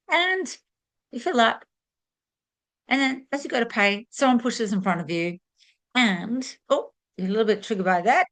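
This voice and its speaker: A woman giving a spiritual teaching monologue to camera, earnest and fond of repeated rhetorical questions. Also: medium pitch.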